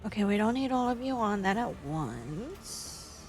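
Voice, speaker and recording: A woman's voice: medium pitch, big pitch swings, a little slow, faint music behind. A woman streamer chatting casually over gameplay. She swears freely, laughs often and reads chat aloud.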